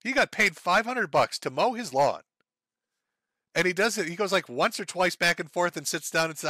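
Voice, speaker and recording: Profane, sarcastic male streamer with a bright voice. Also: high-pitched, very animated, moderate pace, no echo. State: sore, says his throat gives out. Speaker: live stream host. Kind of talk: ranting live stream commentary.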